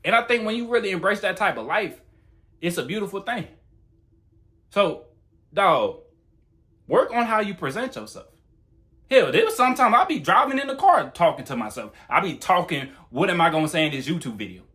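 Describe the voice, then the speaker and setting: A young man delivers a casual, fast-paced monologue to camera, blunt and heavy on profanity as he gives dating advice. His voice sits a little high for a man, and his pitch swings widely and animatedly from phrase to phrase. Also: very animated, bright, forceful tone. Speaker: YouTuber giving dating advice.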